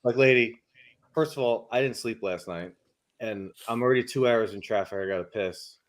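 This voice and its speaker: A man telling a story in casual chat, profane and animated, acting out the people he quotes. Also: medium pitch, moderate pace.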